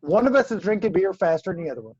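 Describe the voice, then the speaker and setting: Co-host, male, high voice, animated and profane, lo-fi dry audio. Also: very fast, breathy edge, dry recording. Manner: animated storyteller, swears freely. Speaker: co-host fighter. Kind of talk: casual chat.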